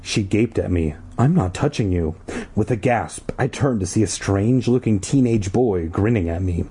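A man reading a spooky storybook aloud in an animated way, dropping offhand joking asides. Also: on the low side, normal speed, breathy edge.

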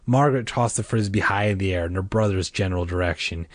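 A man's voice: low-pitched, fast, no room sound, studio quality. A man reading a children's novel aloud in a casual way, cracking crude jokes between passages. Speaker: reader.

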